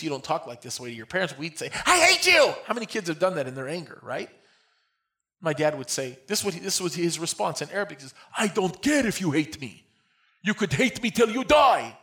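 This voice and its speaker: A man preaching a sermon as pastor, emphatic, moving between loud declarations and quiet, close talk. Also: on the high side.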